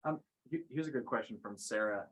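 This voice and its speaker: A co-host of an online class, relaying viewer questions in a relaxed way. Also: medium pitch, fairly quick, rough recording.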